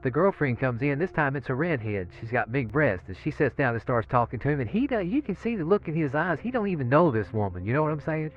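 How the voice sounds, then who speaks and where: Rambling inmate, man, mid-pitch voice, muffled phone-like audio, chuckles through his stories. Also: sing-song, quick pace, few pauses. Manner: rambling, laughing, repeats 'you know what I'm saying'. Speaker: death row inmate. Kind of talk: recorded interview, storytelling.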